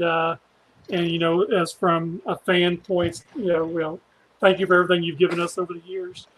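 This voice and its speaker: High-voiced rambling stream host, a man. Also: a bit bright, low-quality recording. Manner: rambling, many fillers, grateful fan tone. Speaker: show host. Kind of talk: casual live-stream chat.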